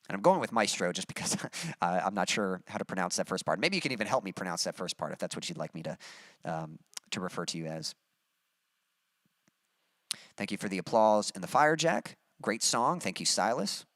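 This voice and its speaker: A man with a mild Texas accent chats casually on his stream, answering viewers in a relaxed, rambling way full of fillers. His voice sits fairly low, and the sound is dry and close, with no room echo. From Texas, USA. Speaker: musician streamer reading chat. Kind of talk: casual livestream chat.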